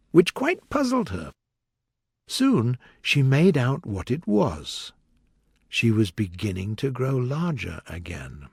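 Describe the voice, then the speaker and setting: Gravelly, lively audiobook narrator. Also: male voice, medium pitch, no echo, clean studio sound. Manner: lively, expressive reading. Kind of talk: storybook narration.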